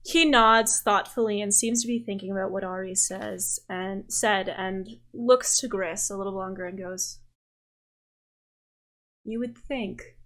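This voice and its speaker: A woman narrating a tabletop role-playing game as game master, describing the scene in an unhurried way with fillers. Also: medium pitch, fairly even intonation, a bit bright.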